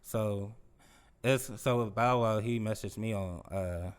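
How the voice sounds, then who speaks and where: A young man, a rapper, talking casually in an interview in a laid-back, unhurried way, with many pauses. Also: lowish voice, clean tone. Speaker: rapper guest.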